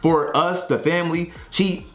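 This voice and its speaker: A man's voice: a little high, fairly even intonation, unhurried. A young man talking emphatically on a casual vlog, repeating himself in slangy speech as he defends his wife. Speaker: YouTuber, husband. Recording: echoey room with faint music.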